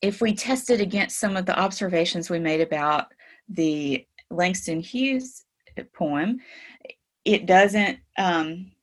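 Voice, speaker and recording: Woman, lowish voice, teacher, online poetry lecture, explanatory, lots of ums and "right?". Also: lively intonation, slow. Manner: explanatory, frequent fillers and rhetorical "right?".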